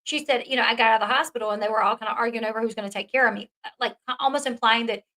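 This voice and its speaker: A Southern American woman hosts a casual commentary video, talking rapid-fire in a voice on the high side with a bright, forceful tone. She's chatty and emphatic and swears freely, though the recording quality is low.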